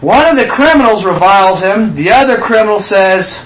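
High-voiced, animated male preacher. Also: normal speed, roomy sound. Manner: animated, acts out quotes with sudden shouts. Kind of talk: sermon.

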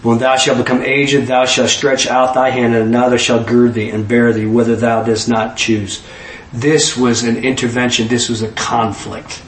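A man preaching a sermon in an animated way, acting out dialogue in voices and laughing often. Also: mid-range voice, normal speed. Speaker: pastor. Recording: echoey room with faint ambience.

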